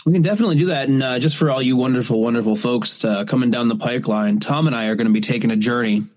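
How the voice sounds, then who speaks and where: Crude, joking podcast co-host. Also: male voice, medium pitch, racing, a little mellow. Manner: crude, joking, heavy swearing. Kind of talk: casual true crime podcast chat.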